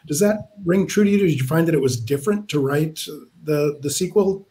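A man's voice: a little high, a little fast, warm tone. A man moderating a live online author session, speaking informally with frequent restarts as he introduces himself and asks questions.

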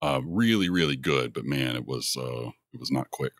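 Deep animated man, co-hosting a podcast. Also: normal speed, gravelly, no room sound, studio quality. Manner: profane, laughing, animated storyteller. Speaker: podcast co-host, show editor. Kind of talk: casual chat.

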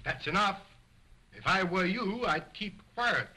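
A man's voice: sits high, animated, measured pace, heavy background noise. An actor playing a vain, domineering ventriloquist who scolds his dummy sternly, in 1920s early talkie acting.

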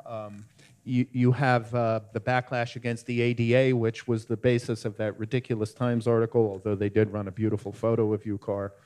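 A man moderating a festival panel, his pitch in the middle range for a man. He talks haltingly, stumbling and restarting his sentences. The questions come in a plain conversational tone. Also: level tone, darkish tone. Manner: hesitant, many restarts. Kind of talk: panel discussion. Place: festival screening venue.

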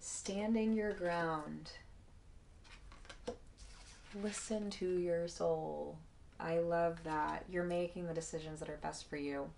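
Low gravelly woman giving a tarot reading. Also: fairly even intonation, measured pace, darkish tone, a little hiss or hum. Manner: emotional, effusive, swears casually. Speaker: tarot card reader. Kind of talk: casual spiritual card reading.

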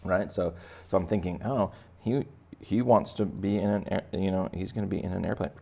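A man's voice: low-pitched, steady tone, fairly quick, creaky, dark tone. A man giving a playful, chatty step-by-step drawing lesson for kids. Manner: playful, chatty, talks to children directly. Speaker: art teacher.

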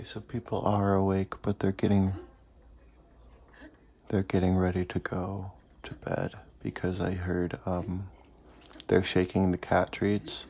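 A young man playing a game at home at night, talking quietly and casually so he won't wake his family. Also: deep voice. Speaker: let's play host. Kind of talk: casual gameplay commentary.

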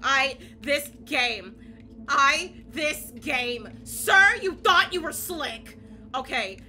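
A young woman playing a horror game and commentating, panicking, repeating herself and shouting at the game. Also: high-pitched, expressive, drawn-out words, slight background noise. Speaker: gaming YouTuber.

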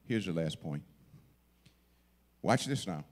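Lively, animated male preacher. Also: sits low, slow pace. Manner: dramatic storytelling, acting out voices, sudden drops to a whisper. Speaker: guest preacher. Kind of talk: sermon.

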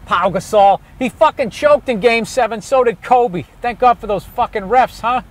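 A comedian with an extremely high-pitched voice rants profanely and sarcastically about traffic while driving through city streets. He talks at a moderate pace in this casual rant from behind the wheel.

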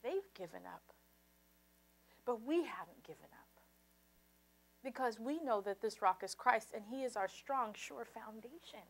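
A woman pastor preaches a passionate sermon, shifting from soft, low passages to loud, high exclamations as she leads the congregation in call and response. Her intonation is lively, her pace unhurried, and she pauses often.

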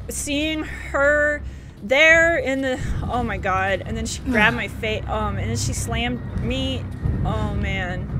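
A young woman live-streaming a horror game, excitable, screaming and laughing at scares and gushing thanks to her viewers. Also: sits high, background noise.

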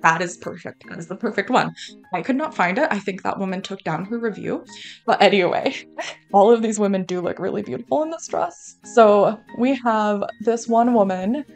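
A woman vlogger chatting casually through a try-on haul, rambling and filling her talk with "like" and "um". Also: medium pitch. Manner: rambling, filler-heavy, uses "like" and "um" a lot.

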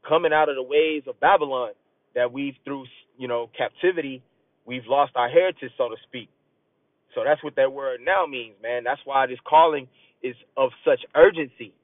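A man's voice: mid-range voice, no echo. A man giving a loose, conversational sermon, reading scripture aloud and urging listeners, often tagging lines with "man.". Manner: earnest and urging, rising as he presses a point. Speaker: street preacher. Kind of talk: casual sermon. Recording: tinny phone-like audio, dry.

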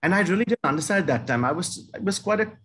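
A man's voice: high voice, lively intonation, racing, a bit bright, a little hiss or hum. A man speaking as a guest on stage, telling stories in an emphatic, effusive way. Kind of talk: casual storytelling on stage.

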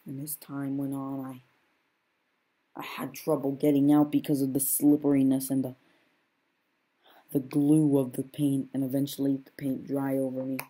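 A woman tells her own homemade story in the first person with a low, deep voice. She talks slowly, in a subdued way, and often circles back to repeat phrases. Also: monotone, dark tone.

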